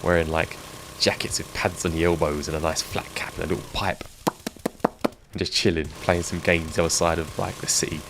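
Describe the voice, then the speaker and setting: Gravelly deep man streaming. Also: level tone, brisk. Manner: chatty, joking, talks to viewers while playing. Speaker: game streamer. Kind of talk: live gameplay stream chat. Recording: game sound noise behind.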